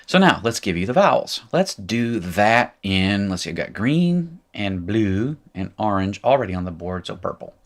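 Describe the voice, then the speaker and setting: A man's voice: on the low side, sing-song, moderate pace, hardly any pauses. A man teaching a language lesson at a board, patiently drilling forms aloud with wry asides. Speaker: Hebrew teacher. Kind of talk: classroom lecture at a whiteboard.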